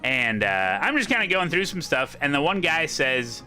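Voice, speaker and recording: A man chatting casually on a racing livestream, his voice bright and lively, rising and falling a lot. He rambles, restarts and repeats his points. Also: fairly high pitch, moderate pace, faint music behind. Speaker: sim racing streamer host.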